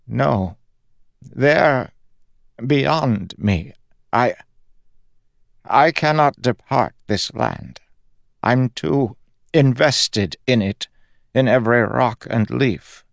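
A man voicing a frail, fading male god who speaks in halting, pleading phrases. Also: mid-range voice, animated, gravelly, no room sound, clean studio sound, voice pushed up, full character voice.

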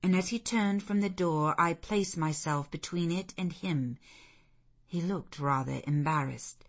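Low, slow woman narrating. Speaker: audiobook narrator. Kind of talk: scripted narration of a classic novel.

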